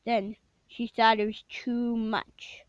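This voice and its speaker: A woman's voice: a little high, flat delivery, slow pace, dry recording. A woman casually retelling a spooky game story, rambling with many fillers and self-corrections, sometimes dropping to a whisper. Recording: dull lo-fi dry recording.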